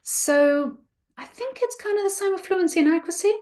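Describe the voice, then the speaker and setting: A woman's voice: very high-pitched, expressive, brisk, darkish tone. A woman leading a live teacher-training webinar, talking in a chatty, encouraging way and putting questions to her audience.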